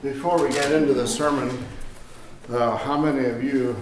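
A man's voice: mid-range voice, fairly even intonation, moderate pace. Man preaching in an echoey hall. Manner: casual, apologetic asides to the congregation. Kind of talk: sermon. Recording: echoey hall, distant mic, noisy.

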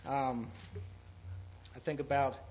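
A man preaching an informal sermon, halting often with fillers and restarts. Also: medium pitch, level tone, a little mellow. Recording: dull lo-fi recording with faint noise.

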